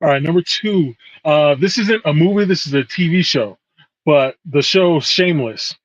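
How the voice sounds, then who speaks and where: A man co-hosting a podcast, relaxed, recounting scenes step by step in casual chat. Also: fairly high pitch, normal speed, no echo, lo-fi sound. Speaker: podcast co-host.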